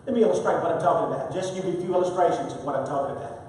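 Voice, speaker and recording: A man with a slightly high, somewhat mellow voice preaches an emphatic sermon at a very fast clip, repeating phrases as his volume swells and drops. He's in a church sanctuary, recorded from far off in an echoey hall with slight background noise.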